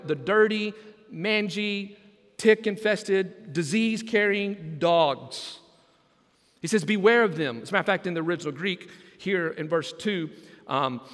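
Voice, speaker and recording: A man's voice: high-pitched, a bit bright, long reverb tail. A man preaching a sermon as senior pastor, joking with the congregation and drawing back "Amen?" replies. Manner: preaching with jokes and call-and-response asides.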